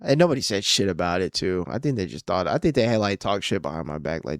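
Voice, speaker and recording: A man's voice: deep voice, expressive, fast, hardly any pauses, dry recording, studio quality. A young man hosting a solo podcast, rambling casually with a lot of swearing and self-mocking asides. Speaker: podcast host.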